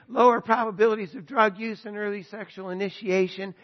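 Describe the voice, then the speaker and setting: A man preaching a sermon, retelling a story with animated emphasis before pressing his points home. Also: sits high, brisk, few pauses. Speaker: pastor. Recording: dull sound, long hall reverb.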